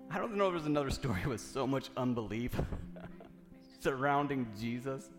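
A man's voice: medium pitch, animated, brisk, soft background music. Fervent preacher man, echoing hall. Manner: reads scripture then preaches with rising fervor, repeating lines. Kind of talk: sermon with Bible reading.

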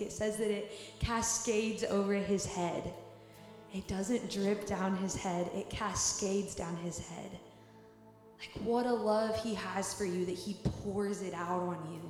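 A woman exhorting during worship, her voice sitting at an ordinary middle pitch. She talks in loose, repeating phrases packed with "like". Her words ring heavily through a large, echoey hall with a long reverb. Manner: repetitive, filler-heavy with "like". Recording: very echoey hall with soft music.

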